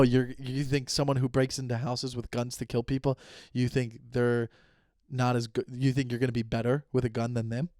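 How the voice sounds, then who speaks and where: A man's voice: medium pitch, dry recording, clean studio sound. A man in his thirties hosting a solo comedy podcast, ranting in a rambling, profane way and acting out quoted conversations. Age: 30s. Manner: animated, profane, rambling rants with quoted dialogue. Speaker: podcast host.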